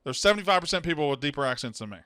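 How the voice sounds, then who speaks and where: A man's voice: a little high, animated, racing, pushed and bright, clear, resonant tone, no room sound, studio quality. A man with a Mississippi Southern accent giving blunt, emphatic opinions in casual podcast banter as a co-host. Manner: blunt, emphatic, repeats himself. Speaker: co-host, film reviewer.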